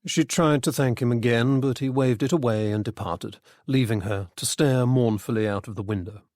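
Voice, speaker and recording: A man's voice: medium pitch, normal speed, darkish tone, no echo, studio quality. Man narrating a mystery story. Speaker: audiobook narrator.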